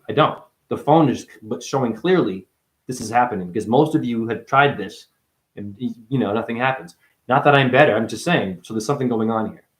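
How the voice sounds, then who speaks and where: A man hosts a livestream and delivers a meandering spiritual sermon, swearing freely. His voice sits at an ordinary male pitch but keeps jumping into sudden high, loud exclamations. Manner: profane, rambling, preachy. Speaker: livestream host. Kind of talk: rambling spiritual livestream monologue.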